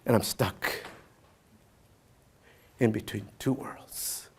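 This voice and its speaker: Animated male storyteller, a bit high. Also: moderate pace. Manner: animated storyteller, mixes in Spanish phrases. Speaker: keynote speaker. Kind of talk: personal storytelling speech.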